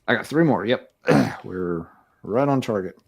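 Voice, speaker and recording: A man co-hosting a music podcast chats casually about music reviews, rambling with many fillers and restarts. His fairly low voice has lively intonation, an unhurried pace, and a creaky, breathy edge.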